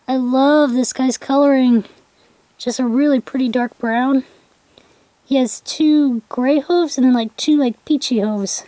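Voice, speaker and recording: A young woman unboxing a package on her vlog, gushing and rambling with excitement. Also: sits high, unhurried, dry recording. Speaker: vlogger.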